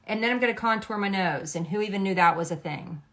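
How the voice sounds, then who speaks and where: A middle-aged makeup artist walks through her makeup routine step by step in a chatty, instructive tutorial, often asking "okay?" Her mid-range voice is fairly bright, and she talks quickly.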